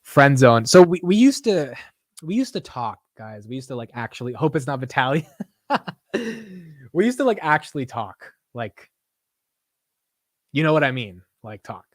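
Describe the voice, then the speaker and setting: A man's voice: medium pitch, big pitch swings, moderate pace, pauses often, no echo. Casual slangy young man, dry sound. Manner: laid-back slangy banter, laughs often. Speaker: livestream host. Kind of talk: casual livestream chat.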